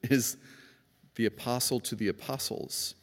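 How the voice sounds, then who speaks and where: Man preaching in a reverberant church. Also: measured pace. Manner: conversational, acts out quoted voices, emphatic swings in pitch. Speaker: pastor. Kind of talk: sermon. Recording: long reverb of a church hall.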